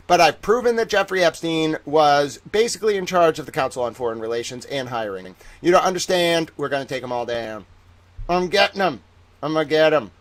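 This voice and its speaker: A man hosting a livestream in casual chat, animated, exclamatory and jokey. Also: high voice. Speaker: livestream host.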